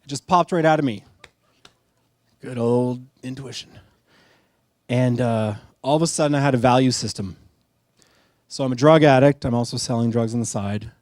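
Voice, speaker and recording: A man's voice: mid-range voice, normal speed, long pauses, darkish tone, dry recording, clean studio sound. A middle-aged man telling a candid, self-deprecating personal story on stage at a live storytelling event.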